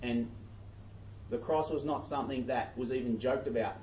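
In a medium-pitched, darkish voice at an ordinary pace, an Australian pastor preaches, reading Bible passages and cutting in with chatty side comments. The church audio is echoey, distant, and dull, with slight background noise.

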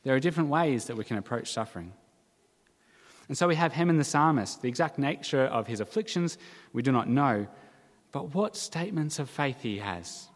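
A pastor preaches earnestly and in a measured way, his mid-range voice animated and now and then breaking into dramatic quoted cries. A long reverb tail trails his words.

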